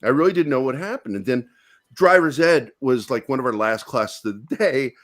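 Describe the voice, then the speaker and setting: Animated man telling a crude story. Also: mid-range voice, moderate pace. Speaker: podcast co-host. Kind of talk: casual storytelling chat.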